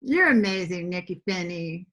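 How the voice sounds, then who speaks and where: A woman's voice: lowish voice, animated, moderate pace, fairly bright tone. A woman moderating a virtual book launch, reading audience questions aloud to the poet. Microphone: computer mic on a video call.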